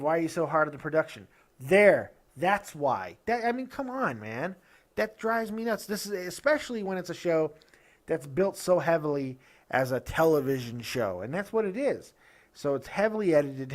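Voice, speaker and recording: A man hosting a casual wrestling review show, ranting with quick asides and restarts. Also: fairly high pitch. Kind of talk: casual opinionated review talk.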